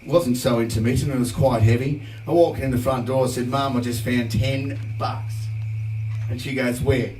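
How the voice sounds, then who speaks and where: A man's voice: medium pitch, steady tone, normal speed, a little mellow, distant mic. An Australian man spins a rambling, chatty anecdote as he hosts a livestream, his voice set back from the mic in a roomy space. Guitar music faintly sits behind him. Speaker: band singer hosting a livestream. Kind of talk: casual storytelling chat.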